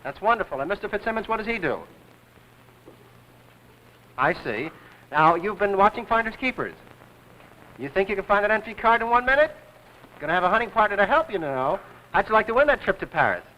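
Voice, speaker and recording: A man hosting a live 1950s television game show with brisk, excitable patter. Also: high-pitched, slight background noise, rough recording.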